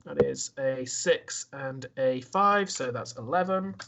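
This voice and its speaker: A man narrating a tabletop game as game master, describing the action in a halting way. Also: medium pitch, gravelly, pushed and bright, poor audio.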